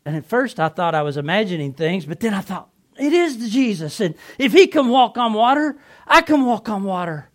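A man playing the apostle Peter, an impulsive fisherman, telling his story in an earnest, excitable first-person dramatic monologue. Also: sits high, fairly quick, few pauses. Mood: earnest storytelling.

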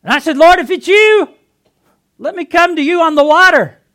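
Dramatic monologue: Peter, an earnest, impulsive fisherman apostle, played by a man; a fairly high male voice. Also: unhurried, natural voice. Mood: earnest storytelling. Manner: earnest, excitable storyteller. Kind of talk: first-person dramatic monologue.

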